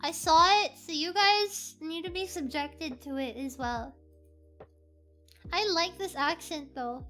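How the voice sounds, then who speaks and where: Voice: very high voice, slow pace, sharp tone, soft background music. A VTuber streamer chatting casually on a live stream, giggly and playful, reading chat aloud from a home setup.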